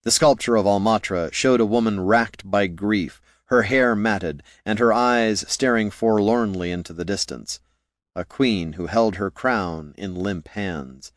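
A man's voice: lowish voice, dry recording. A man reading fantasy fiction aloud in scripted audiobook narration, with a dry, wry delivery.

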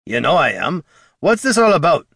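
A man voicing a blunt, gruff dwarf. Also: on the high side, sing-song, moderate pace, fairly bright tone, no echo, studio quality, voice pushed up, heavily acted. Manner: plain-spoken, folksy slang.

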